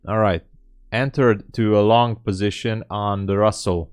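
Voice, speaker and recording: Man, live trading commentary, muttering self-talk, low voice, unhurried, faint music behind. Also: fairly even intonation, clean tone. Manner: muttering, joking, self-talk with sighs and fillers. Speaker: day trader streaming live trades.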